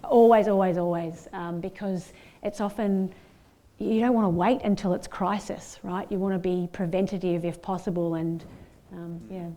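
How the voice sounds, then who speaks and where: A woman's voice: lowish voice, steady tone, moderate pace, mellow. A woman counsellor speaking on a panel, encouraging and conversational. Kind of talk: panel discussion.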